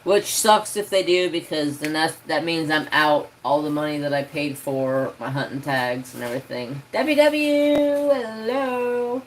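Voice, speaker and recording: A man's voice: a little high, fairly even intonation, normal speed, hardly any pauses, a bit bright, a little hiss or hum, poor audio. A man hosting a craft live stream, chatting casually and rambling easygoingly with many fillers.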